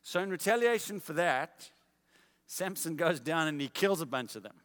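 A male preacher tells a story in a casual, animated way. His fairly high voice carries through a large hall with a long, lingering reverb. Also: normal speed. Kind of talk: storytelling sermon.

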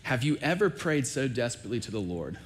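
A male pastor preaching a sermon, telling a scripture story with animated, acted-out quoted dialogue. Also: medium pitch, quick pace, slight background noise.

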